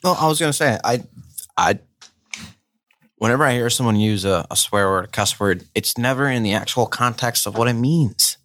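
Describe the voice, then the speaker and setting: A man's voice: medium pitch, fairly bright tone, a little hiss or hum. Man telling a joking anecdote. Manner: joking anecdotes, halting restarts. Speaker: podcast co-host. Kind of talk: casual storytelling chat.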